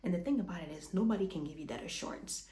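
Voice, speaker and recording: A woman's voice: fairly low pitch, sing-song, racing, warm tone, reverberant. A woman recapping a reality show in a casual, opinionated chat, a little out of breath, with restarts and sighs.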